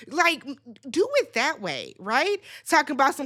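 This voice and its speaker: Sassy, bright-voiced woman ranting. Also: high voice, big pitch swings, moderate pace, few pauses. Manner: sassy, blunt and profane, swinging into loud squeals. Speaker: recap channel host. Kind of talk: casual reality TV recap rant.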